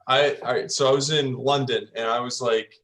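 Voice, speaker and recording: A man's voice: medium pitch, steady tone, fairly quick, a bit bright. A man on a video call with friends, telling a rambling, profane story in casual chat.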